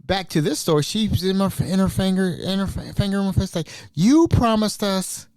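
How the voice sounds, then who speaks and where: A man's voice: high-pitched, steady tone, fast, a little mellow, clear, resonant tone, dry recording, studio quality. A man who works as a cook, telling a story in a casual, emphatic monologue, repeating himself for effect and laughing between phrases. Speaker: cook at an elderly care facility.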